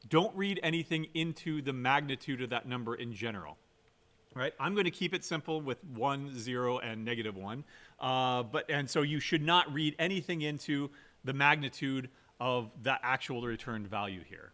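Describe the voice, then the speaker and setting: With a mid-range voice and a sharp tone, a man lectures on programming in a recording. He is a computer science lecturer whose conversational, emphatic style includes frequent "right?" check-ins, stressed keywords, fillers, and restarts.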